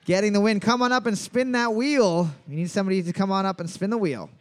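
A man's voice: high voice, fast, smooth. A young man hosting a bar trivia night, reading out questions and trading crude jokes with his co-host. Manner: joking, animated, swears casually.

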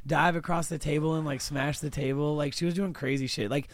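A man's voice: on the high side, steady tone, fairly quick. A man co-hosting a podcast, chatting casually with crude, gossipy banter. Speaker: podcast co-host. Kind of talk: casual chat.

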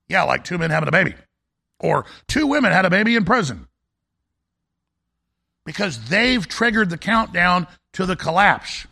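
A man's voice: sits high, lively intonation, moderate pace, vocal fry, bright, forceful tone, husky. A male talk show host delivering a fiery, emphatic political monologue in a ranting manner.

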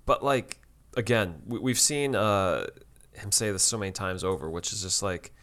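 A man's voice: on the low side, normal speed, fairly bright tone. A man co-hosting a podcast, chatting casually and rambling through a TV episode review with many fillers and restarts. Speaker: podcast co-host.

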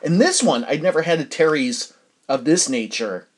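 Chatty, rambling man with a higher voice. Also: expressive, normal speed, breathy edge. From New Hampshire. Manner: rambling, chatty, self-interrupting with fillers. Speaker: podcast host. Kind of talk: casual solo podcast chat.

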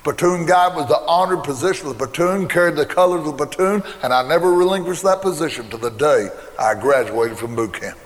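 Fairly quick with few pauses, an older man preaches in a somewhat high voice, weaving a folksy story from his past. Emphatic refrains repeat throughout, echoing with long reverb in the church hall.

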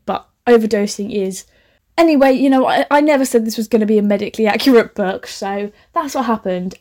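A woman's voice: mid-range voice, warm tone. Chatty, sarcastic young woman. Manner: chatty, rambling, sarcastic, lots of laughing asides. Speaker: podcast host. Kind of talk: casual comedic reading commentary.

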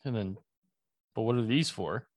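A man's voice: lowish voice, moderate pace, dry recording. A young man in casual podcast chat, rambling through an explanation with laughs and the odd curse. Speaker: presenter of a conspiracy topic.

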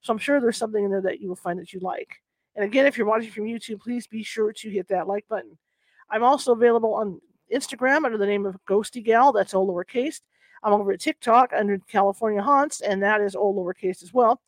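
A woman hosting a channel, reading a historical book aloud with chatty asides and halting over old wording. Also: medium pitch, no echo. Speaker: host of a paranormal reading channel.

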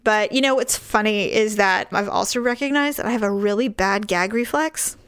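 A woman with a clear, resonant, medium-pitched voice tells a long story during casual chat at a moderate pace. She's animated, acting out the voices of the people in the story and laughing often.

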